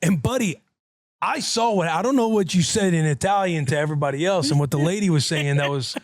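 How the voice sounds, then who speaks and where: A man's voice: on the high side, fairly quick, no room sound, studio quality. A man in his thirties, a podcast host, animatedly telling a story in casual chat and acting out the people in it. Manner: animated, profane, quotes people in dialogue.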